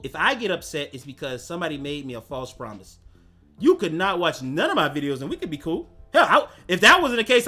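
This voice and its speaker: A man's voice: high voice, pushed and bright. A man hosting a casual livestream chat, talking in a slangy, rambling way and laughing often. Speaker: host.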